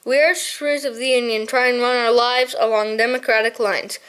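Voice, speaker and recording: A woman reading aloud as a blunt male shrew chieftain, hearty and loyal, in a fairly high voice. He speaks plainly, as if in a storybook, pausing now and then. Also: steady tone, a bit bright, clear, resonant tone, close to an everyday voice. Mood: apologetic. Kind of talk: audiobook reading.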